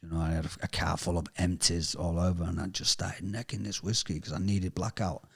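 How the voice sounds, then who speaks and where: Man, low voice, raw halting testimony, for an interviewee telling his story. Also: flat delivery, vocal fry, slightly rough. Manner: halting, raw and emotional, often trailing off quietly. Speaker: interviewee sharing a recovery story. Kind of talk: candid personal testimony.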